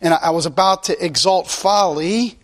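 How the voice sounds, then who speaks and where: A man's voice: sits high, moderate pace, voice pushed down, lightly acted. A man voicing a hot-tempered older king who apologizes sheepishly to his son. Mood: apologetic.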